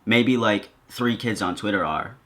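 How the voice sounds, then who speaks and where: A man's voice: lowish voice, a little slow, sharp tone. A man talking casually to his viewers in a commentary vlog, with a sarcastic, joking manner. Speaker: video creator.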